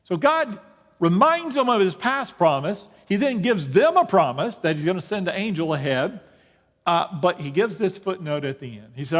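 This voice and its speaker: High-voiced preacher in a reverberant hall. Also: male voice, sing-song, moderate pace, fairly bright tone. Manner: conversational, joking, with frequent restarts. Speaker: pastor leading Bible study. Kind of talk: casual Bible study teaching. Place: church sanctuary. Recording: long reverb in a church hall.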